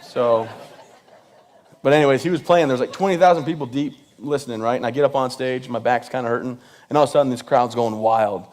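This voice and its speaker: Speaking a little fast in a medium, somewhat mellow voice, this guest speaker from Michigan pokes fun at himself before a live crowd. He keeps checking in with "right?" as he jokes along.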